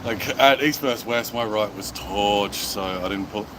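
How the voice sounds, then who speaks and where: A man's voice: fairly low pitch, moderate pace, background noise. A laid-back man chatting casually while he has the hiccups. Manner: laid-back, laughing easily. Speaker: guest. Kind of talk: casual chat. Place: outdoors at a hotel poolside.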